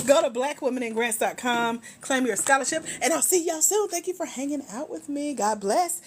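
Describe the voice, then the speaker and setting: Strolling through her house on a casual livestream, a middle-aged grant coach banters with her audience in slangy, teasing fashion. Her voice sits high at a normal pace, she seems tired and low-energy, and a faint hiss or hum runs under the audio.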